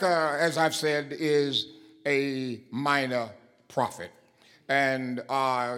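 Slow, halting preacher man. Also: mid-range voice, a bit bright. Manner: slow and halting with many fillers, rising to emphatic declarations; repeats key phrases for emphasis. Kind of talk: sermon.

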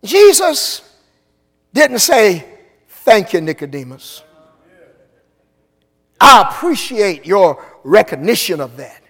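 A man preaching an impassioned sermon in a church, shouting and stretching out his phrases. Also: high voice, very animated, slow, long pauses. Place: church sanctuary. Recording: long reverb in a large hall.

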